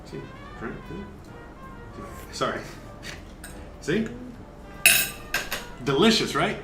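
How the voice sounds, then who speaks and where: A man's voice: a little high, very animated, very slow, echoey room, over loud music. A man hosting a casual cooking livestream, chatting and explaining each step, cursing now and then. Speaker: cooking show host.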